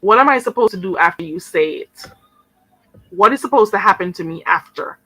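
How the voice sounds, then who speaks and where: A woman's voice: mid-range voice, expressive, fairly quick, sharp tone, no echo, poor audio. A young woman hosting a live stream, talking to viewers in an indignant, sarcastic way with mocking mimicry. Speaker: channel host.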